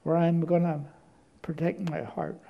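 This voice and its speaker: A man's voice: on the high side, level tone, measured pace, gravelly, dull audio. A man preaching a sermon, telling stories and often repeating words as he searches for the next one.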